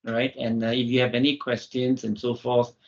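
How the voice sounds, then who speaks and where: Gravelly male host, filler-heavy, dull stream audio. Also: medium pitch, level tone, moderate pace. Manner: filler-heavy, says "right" and "all right". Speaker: online session host. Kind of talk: wrapping up a live session.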